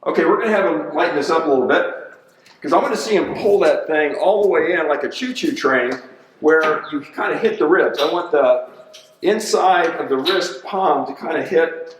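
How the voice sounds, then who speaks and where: A man's voice: a little high, moderate pace, distant mic, slight background noise. A man, a personal trainer, coaching an exercise demo in a gym in an upbeat, chatty way and counting reps aloud. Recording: echoey gym, voice from off-mic.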